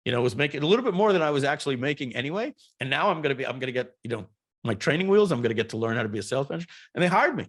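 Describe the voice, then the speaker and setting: Animated middle-aged man telling stories. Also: mid-range voice, rapid-fire. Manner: animated, rambling, repeats words while telling stories. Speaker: guest entrepreneur. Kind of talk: podcast interview storytelling.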